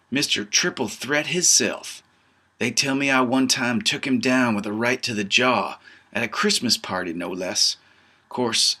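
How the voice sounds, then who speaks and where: A man's voice: on the low side, bright, forceful tone. A man reading his own novel aloud in first person, with a folksy drawling dialect and a tough-guy storyteller manner. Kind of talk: first-person audiobook narration.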